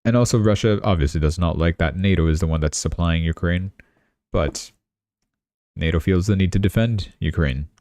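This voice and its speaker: A young man with a deep, darkish voice runs through the week's headlines at normal speed as a crypto and news livestream host, keeping it casual and chatty with sarcastic asides. His voice sounds close and dry at the desk mic, on a dry recording.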